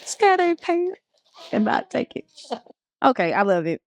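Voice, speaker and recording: A woman's voice: on the high side, sing-song, measured pace, vocal fry, no echo. A woman hosting a talk show, giving short affirming replies and introducing her guest. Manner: supportive, affirming listener. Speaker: host. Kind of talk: casual conversation.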